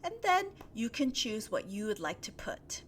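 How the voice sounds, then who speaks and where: A woman teaching English grammar in a live online lesson, reading out viewers' sentences and gently correcting them. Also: on the high side, very animated, normal speed, a little hiss or hum. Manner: spells out endings letter by letter, stretches key words.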